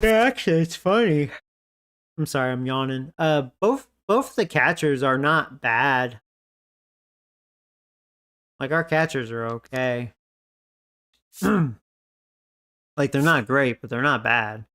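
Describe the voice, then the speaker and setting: A man's voice: mid-range voice, takes it slowly, pauses often, sharp tone, clear, resonant tone, no echo, studio quality. A man giving casual, profanity-laced commentary on a baseball video game, grumbling about his team. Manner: profane, grumbling, frustrated asides. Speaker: gaming video creator.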